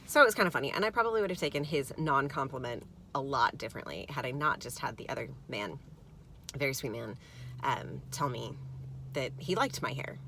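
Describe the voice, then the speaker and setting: A middle-aged woman vlogging, telling a story in a gravelly, tired voice and mimicking the people she quotes. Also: very deep voice, brisk, slight background noise. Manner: animated, mimics others in quotes. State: gravelly from little sleep. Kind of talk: casual storytelling to camera.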